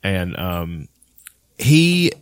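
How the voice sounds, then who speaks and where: A man's voice: low-pitched, sing-song, drawn-out words, clear, resonant tone, no room sound, studio quality. A man in casual podcast chat, telling rambling stories full of restarts and swearing. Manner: rambling storyteller, swears often, many restarts.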